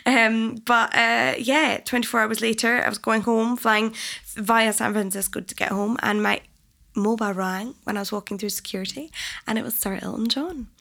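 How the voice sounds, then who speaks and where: Young woman, singer, animated chatty storytelling, a touch of vocal fry. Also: on the high side, normal speed. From Scotland. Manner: animated, chatty, acts out quoted voices. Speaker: singer, guest. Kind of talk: casual interview storytelling.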